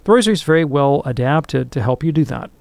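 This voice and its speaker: Gravelly man explaining theology on radio. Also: on the high side, expressive, dry recording. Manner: earnest, explanatory, slows down to stress points. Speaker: theologian answering listener questions. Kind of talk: radio call-in talk.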